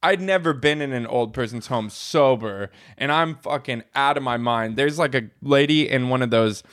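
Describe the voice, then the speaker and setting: A man in easygoing conversation, spinning a loose, rambling anecdote. He laughs easily, swears without thinking about it, and keeps a relaxed, chatty flow. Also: mid-range voice, moderate pace, clean tone, dry recording, clean studio sound. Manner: storytelling, laughs often, swears casually. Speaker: podcast host. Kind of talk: casual chat.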